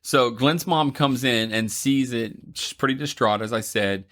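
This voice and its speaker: Male podcast co-host, bright and forceful, casual plot recap with laughing asides. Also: mid-range voice, unhurried. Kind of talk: casual movie recap chat.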